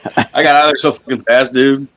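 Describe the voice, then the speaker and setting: A man's voice: medium pitch, fairly even intonation, a little fast, a bit bright. A man telling wrestling road stories on a podcast in a loose, profane way, laughing often. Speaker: wrestler guest. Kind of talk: casual storytelling interview.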